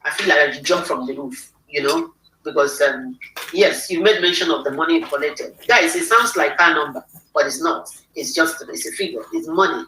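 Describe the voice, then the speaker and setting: A woman hosting a livestream interview, excitable and rallying her audience. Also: deep voice, normal speed, slight background noise. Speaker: host. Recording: echoey room, mic far off.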